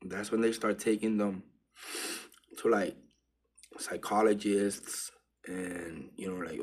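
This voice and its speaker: Husky man telling a street story in slang. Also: deep voice, slow pace, pauses often. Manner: loose street slang, drifts between hushed and excited. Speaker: vlogger. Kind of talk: casual spiritual storytelling monologue.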